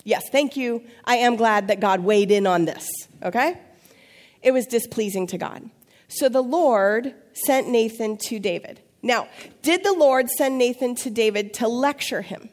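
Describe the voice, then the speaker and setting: A woman preaches a sermon. She tells the story in a lively way, dropping playful asides and acting out the voices of the people in it. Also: a little high, normal speed. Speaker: pastor.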